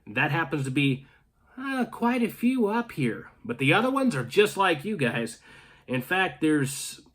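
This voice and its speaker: Rambling high-voiced man chatting casually. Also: sing-song, unhurried, a bit bright. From North Carolina, US. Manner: rambling, joking asides, frequent restarts. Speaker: channel host. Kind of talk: casual chat reading viewer comments. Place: home in Canada.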